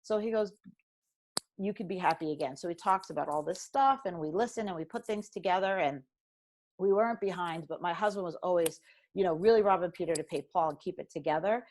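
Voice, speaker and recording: Middle-aged New woman, lower voice, animated storyteller, guest on a talk show. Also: a little fast, slight background noise. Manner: animated storyteller acting out quoted dialogue. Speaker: financial professional guest. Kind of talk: candid conversational storytelling.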